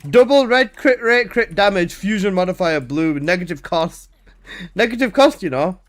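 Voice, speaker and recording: High-voiced excitable gaming streamer man. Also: normal speed. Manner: excitable, teasing, swears, repeats himself. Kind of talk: casual live-stream banter.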